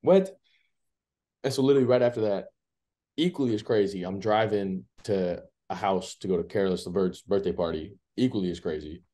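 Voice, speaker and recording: A man in his twenties telling a story as an interview guest, relaxed and rambling with many filler words. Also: low-pitched, fairly quick. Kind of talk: casual storytelling.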